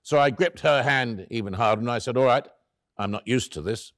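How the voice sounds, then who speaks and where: A man's voice: mid-range voice, a little fast, a bit bright, no room sound, clean studio sound, lightly acted. An actor playing an elderly male author, telling the story of his late love in the first person, wry and tender, acting out both sides of the conversation. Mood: tender recollection. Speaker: actor in a one-man stage play.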